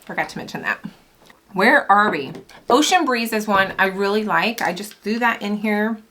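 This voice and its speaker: Bright-voiced chatty woman. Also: medium pitch, expressive, moderate pace. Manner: chatty and enthusiastic, with laughs and asides. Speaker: small business owner reviewing fragrance oils. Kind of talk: casual product vlog.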